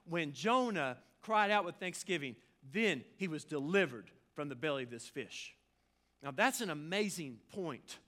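A man delivers a sermon, his voice bright and fairly high for a man. He preaches in a casual, joking way, tossing in asides to the congregation. His delivery is animated and expressive. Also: normal speed. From Arkansas. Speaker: pastor.

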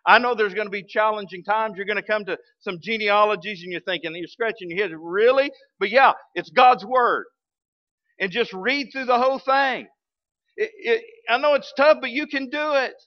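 High-voiced pastor preaching animatedly. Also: male voice, normal speed, highs cut off. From Arkansas, US. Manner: animated, humorous storytelling with bursts of emphasis. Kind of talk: sermon.

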